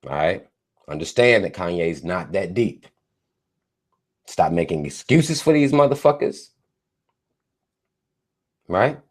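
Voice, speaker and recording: A man's voice: low voice, animated, slow, pauses often. A man hosting a live stream, delivering a mocking, profane rant with heavy emphasis. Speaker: livestream host.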